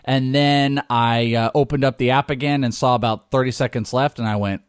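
A man's voice: medium pitch, steady tone, a little fast, clear, resonant tone, no room sound, studio quality. A man co-hosting a casual sports podcast, teasing his friend, laughing a lot and swearing freely. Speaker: podcast co-host.

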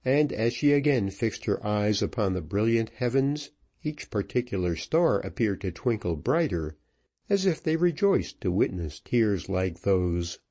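A man reading a novel aloud in a measured, expressive way. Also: fairly low pitch, lo-fi sound. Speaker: audiobook narrator. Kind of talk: scripted narration.

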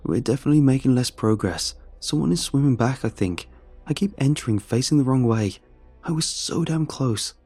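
A man's voice: mid-range voice, lively intonation, moderate pace, darkish tone, breathy edge, no echo, faint music behind, voice pushed up. A man voicing an irritated male test subject in a horror story. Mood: annoyed. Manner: irritated, frustrated.

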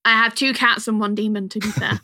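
A woman co-hosting a casual podcast, playful and quick to giggle. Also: medium pitch, steady tone, bright, forceful tone, no room sound. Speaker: podcast co-host.

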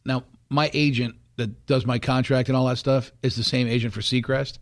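A man hosting a morning radio show, chatting and telling stories animatedly, acting out quotes in other voices. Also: moderate pace. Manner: animated storyteller, acts out quotes in high voices. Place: radio studio.

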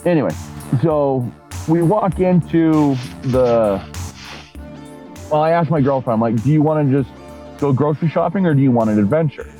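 A man casually telling a profane story on a podcast in a deadpan way. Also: a little high, normal speed, pauses often, faint music behind, rough recording. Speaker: podcast co-host.

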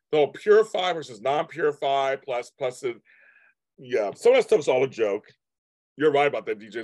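A man in his fifties rambles through a casual live stream and answers viewers' comments as they come in. His pitch swings widely, up and down, as he talks. The sound is dry and close, with no room echo. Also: a little mellow. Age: 50s.

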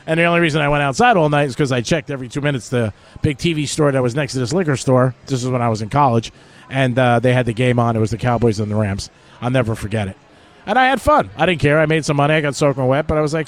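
A man's voice: on the high side, quick pace. A middle-aged man hosting sports betting talk radio, chatty and joking as he tells stories. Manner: chatty storytelling with jokes.

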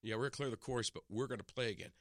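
A man's voice: medium pitch, rapid-fire, no room sound. A man, an in-studio radio guest, telling stories in casual chat, with lots of restarts and acted-out quotes. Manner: animated, acts out quotes, many restarts. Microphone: studio microphone.

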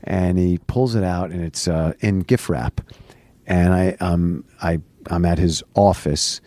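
A man with a fairly low voice tells a rambling story on a podcast, full of false starts and repeated words. The sound is close and dry, with no room in it. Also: measured pace, no room sound. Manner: rambling, animated storyteller with many restarts. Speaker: podcast guest. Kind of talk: casual storytelling. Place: podcast studio, recorded late at night.

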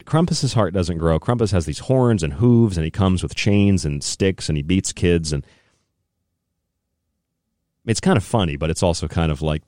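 A man's voice: low-pitched, darkish tone, dry recording, studio quality. A young adult man hosting a podcast, ranting in a casual way and laughing often. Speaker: podcast host. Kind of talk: casual rant.

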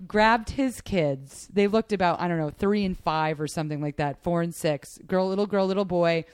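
A woman's voice: on the low side, normal speed, a little mellow, clean tone, no room sound, clean studio sound. A woman hosting a casual sports podcast, chatty and gushing, with lots of fillers. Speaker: podcast host.

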